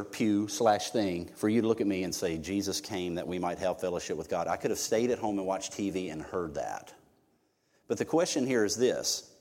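A man's voice: fairly low pitch, darkish tone. A middle-aged male pastor preaching a sermon in church, conversational and joking, with emphatic stretches. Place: church sanctuary. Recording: long hall reverb.

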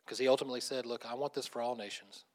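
A man preaching a conversational sermon as pastor, animated, laughing often and restarting phrases. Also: mid-range voice, rapid-fire.

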